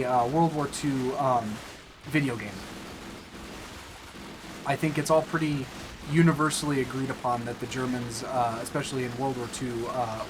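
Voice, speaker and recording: A man's voice: mid-range voice, background noise. A young man hosting a casual let's play, chatting and joking with viewers, with bursts of frustration. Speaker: gaming channel host.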